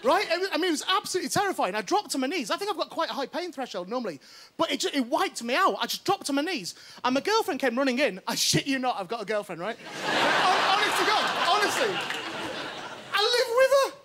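A male comic does a stand-up set on a TV studio stage. His voice sits high and swoops a lot as he tells his story. He keeps checking in with the crowd. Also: fast talker, a little hiss or hum. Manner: animated, self-mocking storytelling with frequent "right?". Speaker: stand-up comedian. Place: TV studio stage before an audience.

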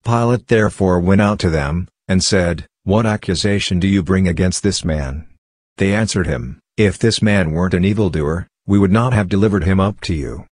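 Deep-voiced man reading scripture. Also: normal speed, darkish tone, dry recording. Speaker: scripture reader.

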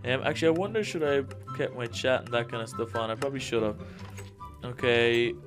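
A man giving let's-play commentary, jittery and excitable, talking straight to his viewers. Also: mid-range voice, fairly quick, music in the background. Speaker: gaming YouTuber.

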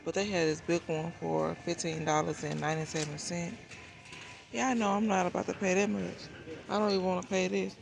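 A woman films herself on a phone as she shops, chatting to her viewers and mulling over every price tag. Her voice has a gravelly, fry-laden edge. The sound of a busy supermarket carries clearly behind her. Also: lowish voice. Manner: chatty, thinks aloud about prices. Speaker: shopping vlogger. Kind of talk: casual chat to viewers while shopping. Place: large supermarket, indoors. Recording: noisy store background.

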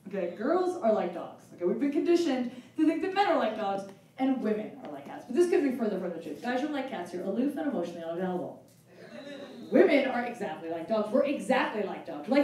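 A woman's voice: very animated, quick pace. A woman in her forties doing a self-mocking stand-up comedy set on stage at a benefit. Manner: self-mocking, punchy, jumps into loud high character voices. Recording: very echoey venue, mic from a distance.

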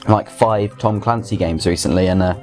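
A man's voice: on the low side, normal speed, a little mellow, soft background music. A young man hosting a casual weekly gaming news roundup, chatty and rambling, with restarts and asides. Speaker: gaming video host.

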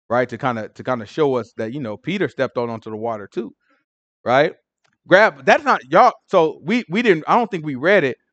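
Animated high-voiced man teaching scripture. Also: no echo, muffled recording. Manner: animated storytelling, acting out the scene in voices. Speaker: Bible study teacher. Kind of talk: casual Bible study teaching.

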